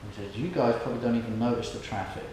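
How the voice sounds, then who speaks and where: A man's voice: medium pitch, rapid-fire. A man giving an informal spiritual lecture, telling stories and acting out the people in them. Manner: storytelling, acts out quoted people, laughs along with audience. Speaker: lecturer at a temple. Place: hall with an audience. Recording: very echoey room, noisy background.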